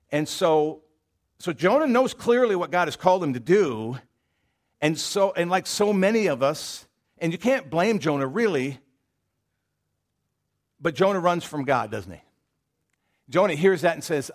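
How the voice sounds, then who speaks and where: A man with a Southern American accent and a somewhat high voice preaches in a relaxed, conversational way. He retells a story with plenty of fillers and asides, often pausing to ask his listeners a question. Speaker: pastor. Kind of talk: sermon.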